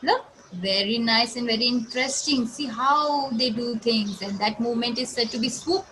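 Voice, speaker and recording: An Indian woman teaching young children an English lesson, explaining slowly in a sing-song manner and imitating animal sounds. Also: on the high side, a bit bright, a little hiss or hum, poor audio. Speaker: schoolteacher.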